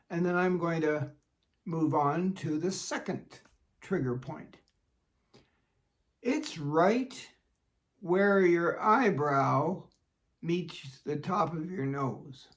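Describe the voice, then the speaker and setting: A man working as a fitness instructor, calmly demonstrating an exercise routine with a touch of dry humor. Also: a little high, slow, long pauses.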